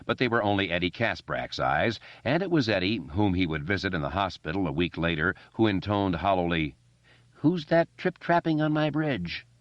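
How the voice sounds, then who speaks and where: Brief: very low male narrator, lively swinging delivery, dry and a bit muffled. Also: brisk, few pauses, dry recording. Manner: expressive reading with character voices. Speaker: audiobook narrator. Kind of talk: scripted narration.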